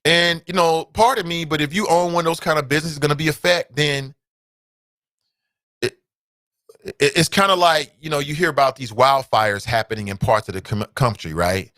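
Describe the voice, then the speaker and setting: A man hosting a talk show, ranting bluntly with real heat and some cursing. His voice is bright and forceful, a little higher than most men's, and it sounds dry and close with almost no room echo. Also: normal speed. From United States. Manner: blunt, fired-up ranting with swearing. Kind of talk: opinionated solo commentary.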